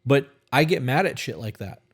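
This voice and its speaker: A man's voice: medium pitch, lively intonation, normal speed, breathy edge. A man co-hosting a podcast in casual chat, blunt and emphatic with heavy swearing. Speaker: podcast co-host.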